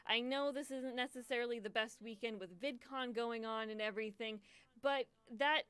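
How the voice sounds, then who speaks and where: A woman's voice: a little high, normal speed, fairly bright tone, smooth, no room sound. A young woman hosting a charity livestream, emotional and choked up, stammering and repeating herself as she talks casually to her viewers. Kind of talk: casual live stream chat.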